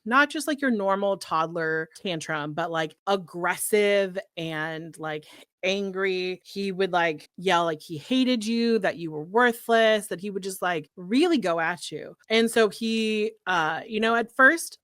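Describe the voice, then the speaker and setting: A woman co-hosting a podcast, recapping a show in casual chat, full of "like" and quick laughs. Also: mid-range voice, animated, a bit bright, dry recording, clean studio sound. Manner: chatty, heavy use of "like", laughs often.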